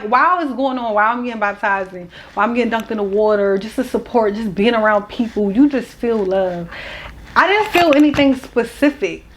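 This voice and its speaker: A young woman speaks in a slightly high voice. She talks straight to camera in a rambling, heartfelt way, slangy and open. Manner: rambling, emotional and candid, slangy. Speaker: vlogger. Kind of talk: candid personal vlog.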